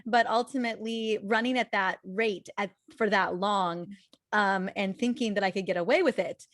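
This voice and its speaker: A woman in her forties, a health practitioner guest, telling her story candidly with lively restarts. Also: medium pitch, normal speed, no room sound. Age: 40s. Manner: candid and animated, often restarts with repeated words. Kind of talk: conversational interview storytelling.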